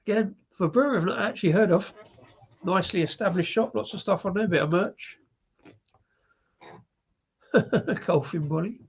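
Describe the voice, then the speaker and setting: A man's voice: sits high, fast talker, husky, dull audio. A British man hosting a live beer review, chatty and rambling with frequent laughs. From Britain.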